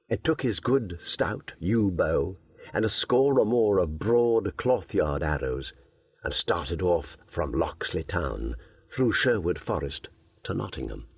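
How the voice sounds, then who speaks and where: Low husky guy reading a storybook, rises and falls a lot. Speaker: audiobook narrator. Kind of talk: scripted narration.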